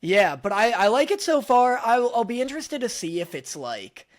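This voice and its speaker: High-voiced playful podcast co-host man. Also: big pitch swings, moderate pace. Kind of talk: casual podcast chat.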